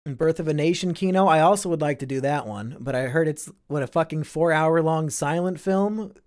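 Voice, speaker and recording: A man's voice: a little high, a little fast, darkish tone. A young man from Iowa hosting a casual live stream, reading and answering chat with sardonic, profane banter.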